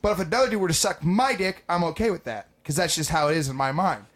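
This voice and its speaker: A young man co-hosting a podcast, telling crude comedic stories in a loud, profane, animated way that breaks into shouting. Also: a little high, fast. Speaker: podcast co-host.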